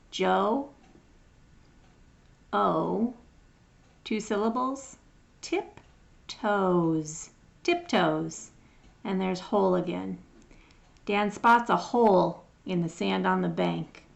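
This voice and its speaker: A woman leads a phonics lesson and sounds out each word patiently, one at a time. She talks very slowly, with a gravelly edge to her voice. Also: mid-range voice. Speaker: phonics teacher. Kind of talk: slow phonics lesson reading.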